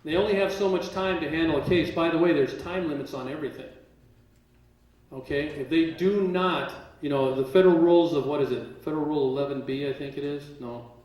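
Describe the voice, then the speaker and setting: A man's voice: on the high side, a little fast. A man speaking at a live seminar, telling stories animatedly and acting out what others said, with occasional laughter. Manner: animated, acts out quotes, laughs while telling. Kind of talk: storytelling to a live audience. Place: large room with a live audience. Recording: roomy echo, distant mic.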